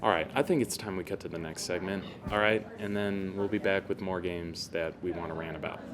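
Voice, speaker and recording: A man's voice: deep voice, fairly even intonation, brisk, a crowd in the background. A man co-hosting, eagerly explaining a video game in casual chat. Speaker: co-host.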